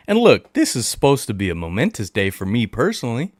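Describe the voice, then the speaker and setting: A man hosting a casual livestream chat, talking to his viewers in a playful, animated way. He blows kisses into the mic, repeats lines for emphasis and refers to himself in the third person. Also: mid-range voice, quick pace, dry recording, clean studio sound. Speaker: livestream host.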